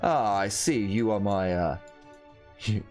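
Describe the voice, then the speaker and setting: A man puts on a grand, self-important starship captain with theatrical airs, his voice low and slow-moving as if savouring every word. He draws each phrase out in a lofty, aristocratic manner, and faint music plays under the tabletop game. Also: lively intonation, a little mellow. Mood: grandiose. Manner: haughty, theatrical, drawn-out speech.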